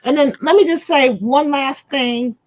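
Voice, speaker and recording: A woman's voice: high voice, unhurried, dull audio. A woman co-hosting a craft livestream, chatting casually with plenty of fillers. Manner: rambling with many fillers. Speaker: co-host of a crochet and craft livestream. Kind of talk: casual chat.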